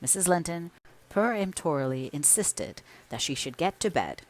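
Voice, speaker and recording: A woman narrating a classic novel as an audiobook, in a measured, expressive storytelling manner. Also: fairly low pitch. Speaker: audiobook reader.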